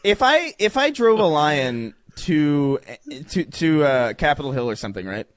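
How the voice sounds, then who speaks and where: A man's voice: a little high, very animated, measured pace, smooth, no echo. A man co-hosting a podcast, arguing his point with many stammering restarts in casual banter. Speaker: podcast co-host.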